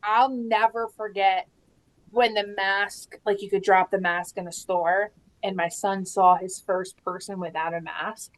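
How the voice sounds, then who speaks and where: A woman in her thirties chatting casually about parenting, animated and laughing often as she acts out quotes. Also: mid-range voice, unhurried. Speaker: guest mom. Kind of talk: casual chat.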